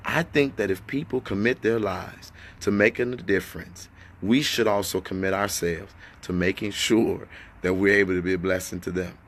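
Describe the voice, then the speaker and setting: A man talking to his followers in an impassioned livestream, firing off rhetorical questions and at times lowering his voice, in an echoey indoor space. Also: fairly even intonation, moderate pace, slight background noise. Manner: fiery, rhetorical questions, then hushed. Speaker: activist addressing followers.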